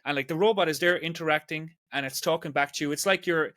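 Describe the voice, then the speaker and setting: A man's voice: a little high, quick pace, a bit bright, dry recording, clean studio sound. Chatty Irish man in his forties. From Ireland. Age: 40s. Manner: rambling, chatty, peppers speech with "like". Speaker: podcast host. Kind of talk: casual podcast conversation.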